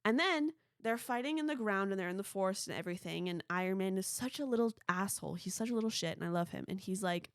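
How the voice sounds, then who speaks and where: A woman's voice: mid-range voice, fast talker, few pauses, no echo, studio quality. A young woman hosting her own movie podcast, rambling casually and peppering her talk with "like.". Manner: chatty, rambling, frequent "like". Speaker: podcast host.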